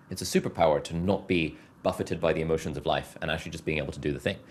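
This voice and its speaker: A man speaking as a podcast guest, reflective and measured in his answers. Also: low-pitched, slight background noise. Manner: thoughtful, measured, many "like" fillers. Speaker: guest, content creator. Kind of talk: reflective interview talk.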